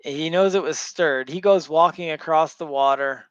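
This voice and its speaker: A man's voice: fairly high pitch, normal speed, fairly bright tone, clean tone, no room sound, muffled recording. Chatty man recapping a story, dry sound. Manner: loose and rambling, with many fillers and restarts. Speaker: show host recapping a comic. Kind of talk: casual retelling of a story to a co-host.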